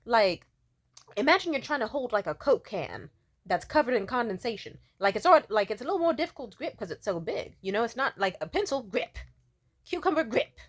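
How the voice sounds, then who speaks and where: A woman's voice: a little high, sing-song, a little fast. A young woman vlogging to camera, telling a story casually in a brash, profane way, breaking into laughter often.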